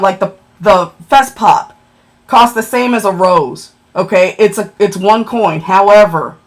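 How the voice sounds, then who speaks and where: A woman chatting on a livestream, excitable and emotional as she thanks viewers for gifts and checks her ranking. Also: medium pitch.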